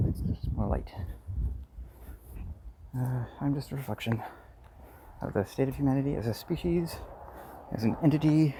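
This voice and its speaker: A man streaming a game, rambling to himself in a sarcastic, dark-humored monologue. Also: on the high side, normal speed, pauses often. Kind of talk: rambling live-stream monologue while playing. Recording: steady background noise.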